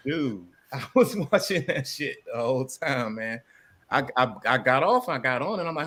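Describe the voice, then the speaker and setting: A man in a loose, profane chat, his pitch jumping around constantly. He talks at an ordinary middle pitch, bantering like a live-stream co-host. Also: moderate pace. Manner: animated, profane banter with frequent laughs. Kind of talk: casual chat.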